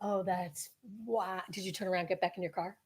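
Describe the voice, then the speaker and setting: A woman's voice: lowish voice, steady tone, brisk, darkish tone, breathy edge. A woman co-hosting a casual talk show, reacting and asking questions while the host tells a story. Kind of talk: casual chat.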